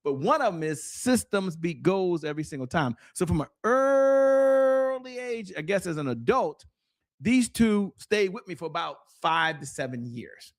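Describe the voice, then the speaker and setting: A middle-aged man tells stories as an interview guest with real energy, his voice sitting a little high and swooping up and down. He speaks straight to the viewers with the push of a preacher. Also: unhurried. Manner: animated, preacher-like, addresses viewers directly. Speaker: guest, sales strategist.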